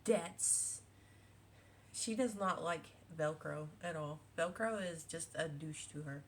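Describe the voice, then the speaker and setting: A woman's voice: low voice, takes it slowly, a little hiss or hum. A woman, a quilting vlogger chatting casually at home, rambling with many fillers and restarts. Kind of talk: casual chat. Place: home with cats.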